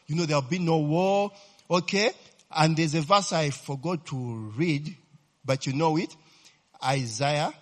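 Animated preacher quizzing his listeners. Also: on the high side, husky. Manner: lively, keeps checking the listeners with "eh?" and quizzing them. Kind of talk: sermon.

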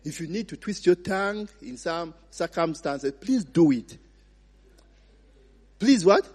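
Ugandan preacher, lively husky voice, big hall. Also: male voice, high-pitched, a little slow. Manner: prompts the congregation to finish his sentences; mixes in Luganda phrases. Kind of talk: sermon with call-and-response questions. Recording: long reverb of a large hall.

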